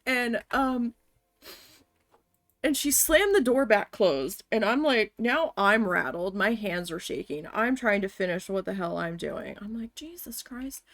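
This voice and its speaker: A woman streamer telling a personal work story casually, swearing freely and getting animated as she talks. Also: mid-range voice, a little slow, no echo. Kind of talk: casual storytelling while gaming.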